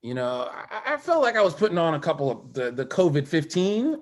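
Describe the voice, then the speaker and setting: A former Olympic swimmer, a man with a fairly high voice, talks fairly quickly as a guest in conversation, with a little hiss or hum in the recording. His candid personal storytelling is animated and emphatic, his voice rising and falling widely between quiet and raised.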